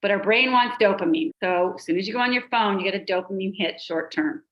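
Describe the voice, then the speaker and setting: A middle-aged woman, a pediatrician and life coach, explaining emotions on a podcast and listing examples in a steady rhythm. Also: mid-range voice, a little fast, dull audio.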